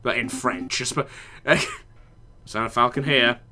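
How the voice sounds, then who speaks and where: A man's voice: mid-range voice, fairly even intonation, unhurried, a crowd in the background. A young man in university playing a video game, reading the dialogue aloud and mocking the characters with sarcastic, profane remarks. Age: young adult. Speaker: let's play gamer.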